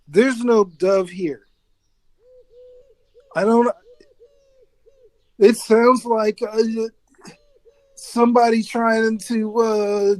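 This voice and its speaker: A man telling a story on live radio with a high voice and an unhurried pace, stumbling and restarting as he grows more and more exasperated. He keeps stopping to scold whoever plays the sound effects, then pushes on with his tale. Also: darkish tone, no room sound.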